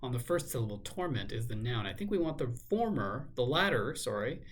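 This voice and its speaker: A man thinking aloud in a measured, musing way as he works through a crossword, now and then correcting himself. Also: medium pitch, very animated, husky. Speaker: crossword solver. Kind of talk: thinking aloud while solving a puzzle.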